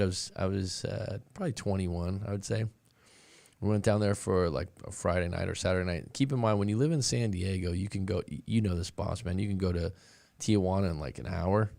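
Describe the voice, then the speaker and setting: A man's voice: deep voice, gravelly, a little mellow, no room sound. A man hosting a breakup coaching podcast, chatting casually with his live audience and telling a rambling story full of restarts, calling listeners "boss man.".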